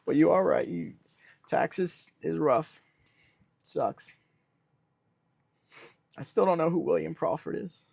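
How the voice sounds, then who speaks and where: A young man hosting a casual livestream, reading comments with a deadpan businessman act. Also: fairly high pitch, slow pace, gravelly, pauses often, husky, no echo. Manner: deadpan self-styled businessman persona. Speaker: livestream host.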